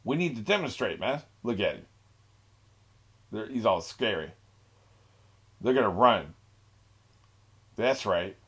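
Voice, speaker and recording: Husky low-voiced man reacting casually. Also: big pitch swings, takes it slowly, pauses often, a bit bright. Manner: laid-back, rambling, laughs often, mocking asides. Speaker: anime reaction host.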